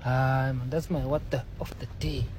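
A man's voice: mid-range voice, level tone, normal speed. A South African man leaving a joking, exuberant voice note from his car. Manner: exuberant, joking, mixing languages. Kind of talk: casual voice note. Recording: phone voice note with car noise.

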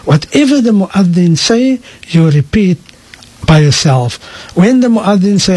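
Man, radio sheikh; higher-pitched, dry close studio sound, patient teaching manner. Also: measured pace, no room sound. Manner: calm, explanatory, mixes in Afrikaans phrases. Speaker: sheikh answering listener questions. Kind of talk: radio call-in Q and A. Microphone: radio studio microphone.

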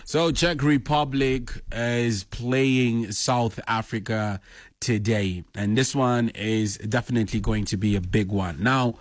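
A man's voice: mid-range voice, no room sound, clean studio sound. A man from Namibia, chatting casually about football and teasing with mock-exasperated rhetorical questions. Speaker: football fan vlogger. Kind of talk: casual commentary to camera.

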